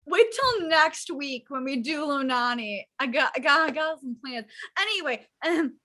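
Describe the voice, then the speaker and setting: A woman player at a tabletop game chats in a very high, bouncy voice that swings all over her range. She is playful and excitable, with a bright, sharp edge to her tone. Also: moderate pace, few pauses. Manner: playful, excitable, laughs a lot. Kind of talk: casual chat at a tabletop game.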